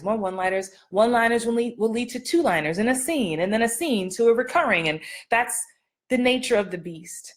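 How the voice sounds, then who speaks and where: A middle-aged woman acting coach giving casual live-stream advice, playful and sassy, laughing often and acting out line readings. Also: mid-range voice.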